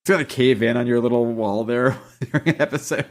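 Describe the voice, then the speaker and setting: A man's voice: mid-range voice, fast. A man with a mid-range voice chats on a podcast, dry and blunt with a sarcastic edge. He talks loosely and freely among friends. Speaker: podcast co-host. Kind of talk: casual chat.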